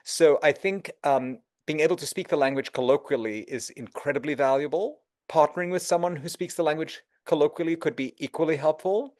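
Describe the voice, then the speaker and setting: A man's voice: fairly quick, hardly any pauses. A middle-aged man speaking as an interview guest, giving advice and acting out quoted exchanges. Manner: animated, acts out quoted dialogue with shifts in pitch. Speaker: interview guest, real estate executive.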